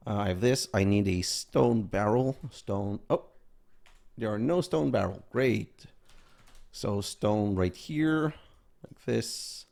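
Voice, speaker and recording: A man's voice: on the low side, takes it slowly, gravelly, a little mellow. A man hosting a gaming video, casually commenting as he plays and thinking aloud, sometimes counting items under his breath.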